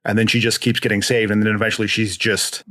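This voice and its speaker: A man's voice: lowish voice, flat delivery, fast talker, bright, forceful tone. Rambling man co-hosting a podcast. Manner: rambling, many restarts and trailing asides. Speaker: podcast co-host. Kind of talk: casual chat.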